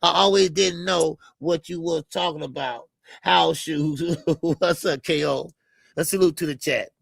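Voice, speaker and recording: A man's voice: on the high side, measured pace, gravelly, no room sound. A man hosting a boxing live stream in a casual, rambling way, with many fillers as he reads out super chats. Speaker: boxing show host.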